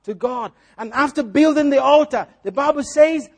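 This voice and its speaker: High-voiced man preaching a sermon. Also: moderate pace. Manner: repeats key phrases and asks the congregation rhetorical questions. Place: church.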